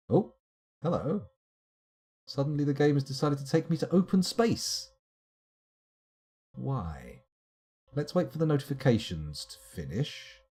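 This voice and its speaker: A man's voice: mid-range voice, dark tone, slightly rough. A man streaming live, rambling wryly to himself as he plays. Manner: rambling, muttering to himself, wry asides. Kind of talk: live game commentary.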